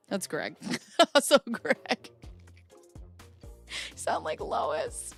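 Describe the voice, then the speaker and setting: A woman's voice: mid-range voice, sing-song, very slow, gravelly, pauses often, faint music behind. A woman hosting a casual live commentary stream. She reads viewer comments, laughs often and playfully slips into put-on accents. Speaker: commentary host.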